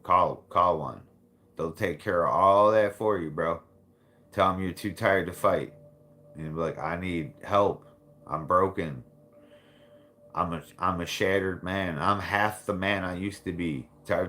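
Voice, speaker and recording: A man hosts a casual talk stream, speaking bluntly, swearing a lot and laughing often. His low-pitched voice is bright and forceful.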